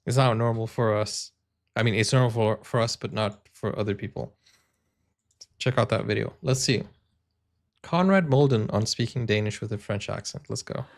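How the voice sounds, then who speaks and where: A man's voice: fairly low pitch, moderate pace, creaky. A man hosting a video reaction channel, chatting casually and wondering aloud as he tries out words. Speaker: YouTube reaction host.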